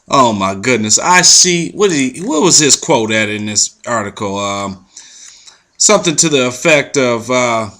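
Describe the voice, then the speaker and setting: Bright-voiced man ranting in slang. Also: mid-range voice, a little slow. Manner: profane, animated, confrontational street slang. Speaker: commentary vlog host. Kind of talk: ranting news commentary.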